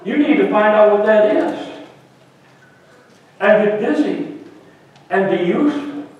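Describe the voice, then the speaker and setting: A male pastor preaching a lively sermon in a church, swinging between loud and hushed. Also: high voice, a little slow, phone-quality sound. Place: church sanctuary. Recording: echoey hall, voice from far off.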